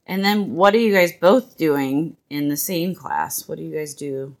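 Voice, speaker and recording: A woman in her thirties chatting casually as a podcast co-host, laughing easily and hesitating over quick answers. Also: sits low. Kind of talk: casual chat.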